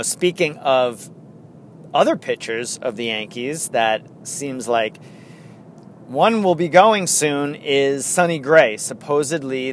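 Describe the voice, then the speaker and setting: A man hosting a solo sports podcast in an eager, rambling way, chuckling often and tripping over his restarts. His voice sits at an ordinary middle pitch, with a faint rumble of a vehicle behind him. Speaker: podcast host.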